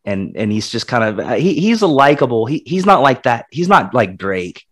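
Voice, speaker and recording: A man co-hosting a casual movie review podcast, retelling scenes in an animated, rambling way with frequent restarts. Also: medium pitch, moderate pace. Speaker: podcast co-host.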